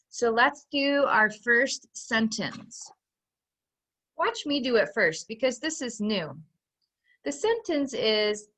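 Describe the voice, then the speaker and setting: A woman teaching a recorded phonics lesson to young children, patiently guiding them step by step and slowly sounding out each sentence. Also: on the high side, bright, forceful tone. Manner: slow, clearly sounding out dictated sentences.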